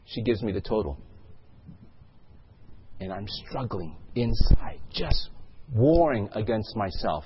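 A man's voice: lowish voice, sing-song, slow, long pauses, muffled recording, slight background noise. A male pastor delivering a sermon, telling a story and asking the congregation questions.

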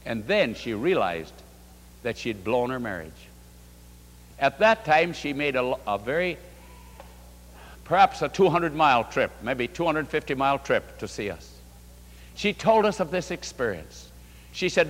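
A man's voice: fairly high pitch, sing-song, normal speed, fairly bright tone, big-room sound. A man preaching a sermon as a pastor, telling a counseling story, quoting scripture and acting out the dialogue.

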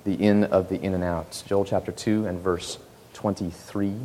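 Man, low voice, sermon storytelling, lively rises and hushed asides, long hall echo. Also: moderate pace, slight background noise. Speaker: preacher.

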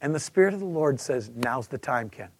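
A man's voice: medium pitch, a little fast, breathy edge, no echo, clean studio sound. A man in his fifties giving a sermon testimony, telling his story with energy and acting out the voices of others. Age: 50s. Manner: animated storytelling, acts out voices, repeats words.

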